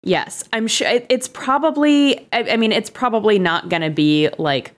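A woman co-hosting a casual podcast, tired, telling dark jokes in a playful, deadpan way. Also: moderate pace. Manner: playful, deadpan dark humor, lively pitch. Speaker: podcast co-host. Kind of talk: casual comedic chat.

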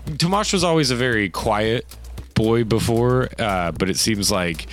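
A man narrating a tabletop game as game master, in a loose, lively storytelling way. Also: fairly low pitch, measured pace, slight background noise.

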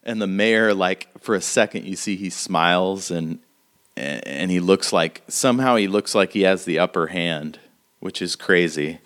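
A man with a somewhat low voice narrates a tabletop role-playing session as game master. He describes scenes in a loose, conversational way, full of fillers and restarts. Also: a little slow, a bit bright.

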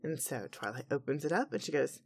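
A woman's voice: extremely low pitch, lively intonation, quick pace, slightly rough. A woman co-hosting a podcast, recapping a cartoon episode in a chatty, laid-back way. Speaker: podcast co-host.

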